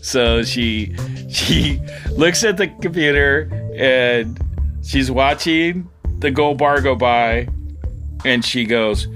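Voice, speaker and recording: A middle-aged fisherman recounts his story in a loose, animated, conversational way, laughing as he goes. His voice sits at an ordinary pitch for a man. Soft music plays faintly underneath. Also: takes it slowly. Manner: animated, chatty, laughs often, many "you know"s. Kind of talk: casual storytelling interview.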